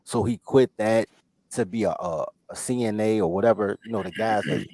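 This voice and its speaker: A man telling a story on a podcast in casual chat, animated and profane, loudly quoting himself. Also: lowish voice, moderate pace. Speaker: podcast host.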